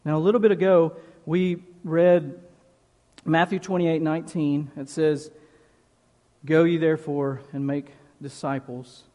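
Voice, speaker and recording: A man preaching a sermon as pastor, slow and emphatic, leaning on repeated phrases. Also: a little high, steady tone, dark tone. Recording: long reverb of a large hall.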